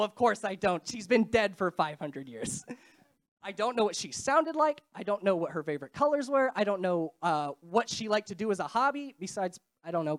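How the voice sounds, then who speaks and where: A young woman giving a casual, chatty sermon, a bit stuffy and nasal from a cold, with quick self-deprecating asides. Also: mid-range voice. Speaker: preacher.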